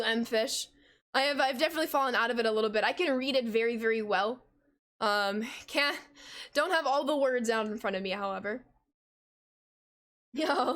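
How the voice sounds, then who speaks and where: A woman's voice: on the high side, fairly bright tone. A woman in her twenties streaming, giving play-by-play commentary on a baseball game and answering her live chat in an upbeat, casual way. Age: 20s. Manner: upbeat, greets viewers with casual "yo".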